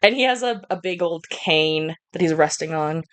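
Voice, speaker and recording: A woman's voice: deep voice, lively intonation, normal speed, a bit bright. A woman narrating a tabletop game as game master, chatty, laughing often and self-deprecating.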